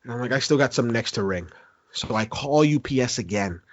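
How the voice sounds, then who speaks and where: A man co-hosting a podcast and telling a long gripe in casual chat, animated and profane, acting out what he said. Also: medium pitch, fairly quick, no echo. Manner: animated, profane, acts out his own quotes. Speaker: podcast co-host. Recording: dull lo-fi podcast recording.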